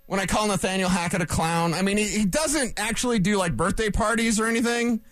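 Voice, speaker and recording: A man talking sports on radio, opinionated and sarcastic, rambling through quick asides. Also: high-pitched, fairly bright tone, no echo. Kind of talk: opinionated sports talk monologue.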